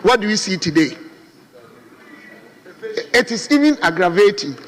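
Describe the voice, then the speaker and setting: A Ghanaian man addressing parliament in a high, bright voice that swings widely in pitch. His appeals ring out with a long hall reverb from the chamber. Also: very animated, measured pace. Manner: oratorical, appealing, rhetorical questions. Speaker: member of parliament. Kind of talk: parliamentary debate speech.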